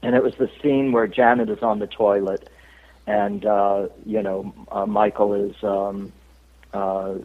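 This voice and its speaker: A man's voice: lowish voice, level tone, unhurried. A middle-aged man from Cape Cod, an actor being interviewed, telling stories in a chatty way with frequent laughs. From Cape Cod, Massachusetts. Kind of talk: casual interview chat. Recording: tinny phone-like line.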